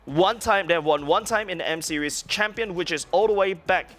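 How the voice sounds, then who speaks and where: A man's voice: high voice, brisk, a bit bright. Enthusiastic, rambling male analyst. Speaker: studio analyst guest. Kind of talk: esports analysis.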